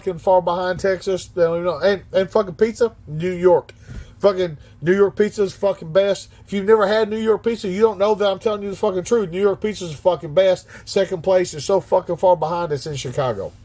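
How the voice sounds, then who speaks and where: A man's voice: sits high, quick pace, a little mellow. Blunt, profane man in his fifties. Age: 50s. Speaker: livestream host reading chat. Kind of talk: casual livestream chat.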